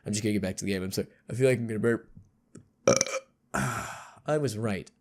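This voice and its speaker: A man's voice: fairly low pitch, fast, darkish tone. A man reading a text game aloud with jokey, sarcastic, rambling asides. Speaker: YouTube gamer.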